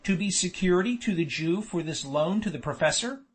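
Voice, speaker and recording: Guy doing a polite army captain, firm and steady, high voice. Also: a little fast. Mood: calm. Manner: firm, courteous.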